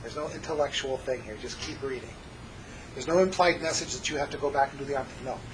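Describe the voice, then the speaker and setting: A man teaching a hypnosis class, jumping between a lively, joking lecture voice and soft, slow hypnotic demonstrations. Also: mid-range voice, background noise. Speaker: hypnosis instructor. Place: classroom with students.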